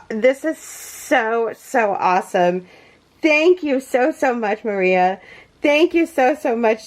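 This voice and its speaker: A woman hosting a crochet vlog from her home yarn room, gushing with thanks and close to tears as she opens packages. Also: mid-range voice. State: near tears. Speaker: crochet channel host. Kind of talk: casual unboxing vlog.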